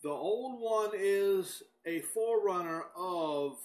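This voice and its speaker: A man giving a recorded Bible teaching, speaking deliberately and with emphasis, and reading scripture aloud. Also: high voice, darkish tone, poor audio. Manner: slow, deliberate and emphatic, pausing between phrases.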